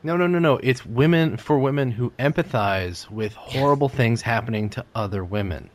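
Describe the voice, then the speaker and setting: A man co-hosting a podcast in casual comedic chat, tossing in dry, deadpan quips. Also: medium pitch, normal speed, slight background noise. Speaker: podcast co-host.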